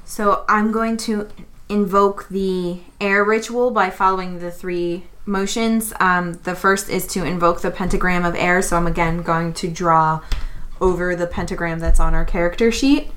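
Lower-voiced woman thinking aloud. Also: steady tone, moderate pace, fairly bright tone. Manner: chatty, thinking aloud with restarts. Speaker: player. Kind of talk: casual play commentary.

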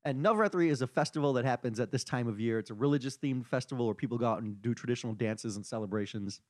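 Podcast co-host from Chicago, man, dry close sound, sardonic and halting. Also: medium pitch, no room sound. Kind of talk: casual comedy podcast chat.

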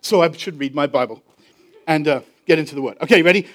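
A man with an English accent, a pastor telling a story in a sermon, animated and drawing out key phrases slowly for emphasis. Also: on the high side. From England.

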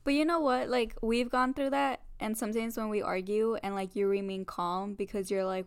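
A young woman co-hosting a podcast, talking in a relaxed, chatty way with a lot of "like" in a casual couple chat. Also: medium pitch, normal speed, hardly any pauses, clear, resonant tone. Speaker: podcast co-host.

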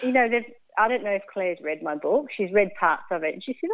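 A woman's voice: medium pitch, expressive, fairly quick, dry recording. A woman guest telling a personal story in a radio interview, candid and laughing often, acting out what people said. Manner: candid, laughs often, acts out quoted speech. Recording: tinny phone-like line, dry.

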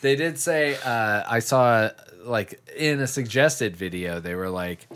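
A man's voice: medium pitch, unhurried, fairly bright tone, smooth. Rambling, storytelling man in casual chat. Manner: rambling storyteller, swears, acts out quotes.

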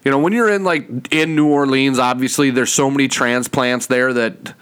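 Minnesotan guy cohosting a podcast, chill and easygoing, smooth clear voice. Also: mid-range voice, moderate pace, a bit bright. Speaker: podcast co-host. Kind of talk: casual chat.

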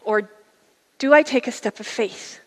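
Earnest woman with a bright, higher voice. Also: measured pace, husky, long reverb tail. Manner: earnest, conversational storytelling with sudden soft, hushed drops. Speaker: guest speaker sharing a testimony. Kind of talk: personal testimony talk. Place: church service.

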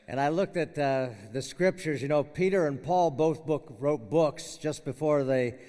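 Older man, slightly high voice, casual halting farewell sermon, big echoey chapel. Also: mellow. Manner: conversational, halting with fillers and restarts, chuckles. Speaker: retiring professor giving chapel message. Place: university chapel hall. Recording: long hall reverb.

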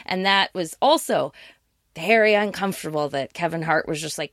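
A woman's voice: on the low side, normal speed, no echo, studio quality. A woman co-hosting a casual film review chat, talking bluntly with exasperated asides.

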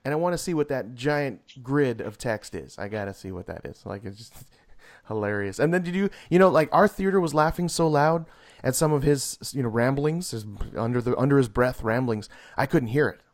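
A man's voice: mid-range voice, expressive, brisk. A talkative man with a middle-range voice chats about a film he just saw. He rambles with many restarts and breaks into laughter often. It sounds like easygoing talk between friends. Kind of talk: casual movie chat.

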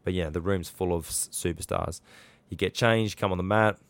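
A man's voice: low-pitched, fairly even intonation, moderate pace, no room sound. An Australian man hosting a podcast, telling a story in a chatty, rambling way with lots of fillers and restarts. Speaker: podcast host. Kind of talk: casual storytelling.

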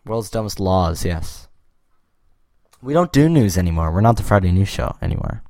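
A man's voice: low voice, big pitch swings, moderate pace, darkish tone, no echo, clean studio sound. A man from Canada co-hosting a podcast in a playful, rambling, casual comedic chat. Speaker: podcast co-host.

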